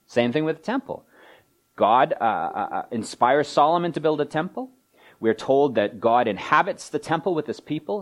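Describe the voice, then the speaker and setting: A man preaching a sermon, explaining a passage and acting out its voices with lively swings. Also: moderate pace. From Canada. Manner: animated, acts out quoted voices with wide pitch swings. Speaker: pastor.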